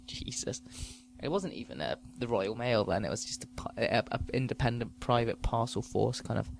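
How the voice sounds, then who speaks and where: A man's voice: medium pitch, moderate pace, gravelly, slight background noise. A man hosting a comedy podcast, ranting profanely about trivial things. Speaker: podcast host. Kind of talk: comedic rant.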